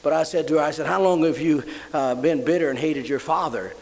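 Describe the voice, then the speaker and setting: Briskly and with a darkish tone, an older man delivers a sermon on a rough recording. A story gives way to fervent praise that swells into high emotional exclamations.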